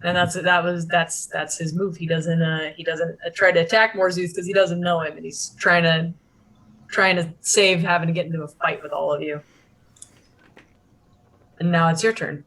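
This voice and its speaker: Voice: medium pitch, level tone, moderate pace, fairly bright tone, poor audio. Rambling game master narrating. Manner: rambling, many fillers like "like". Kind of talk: narrating a tabletop game over voice chat.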